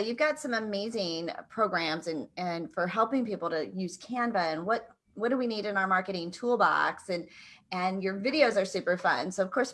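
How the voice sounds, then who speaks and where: A woman co-hosts a morning talk show and puts questions to her guest. She speaks in a casual, encouraging way. Her voice sits at a middle pitch. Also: a bit bright. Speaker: co-host. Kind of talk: casual chat.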